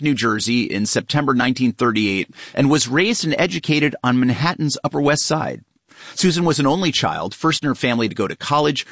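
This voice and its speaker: A man's voice: mid-range voice, a bit bright, no room sound, studio quality. Man narrating a radio obituary. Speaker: radio reporter. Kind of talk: scripted news narration.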